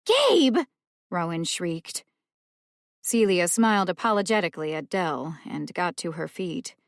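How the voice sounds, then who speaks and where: Woman reading an audiobook real slow, lowish voice, dry close sound. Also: steady tone, no echo. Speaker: audiobook narrator. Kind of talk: scripted narration.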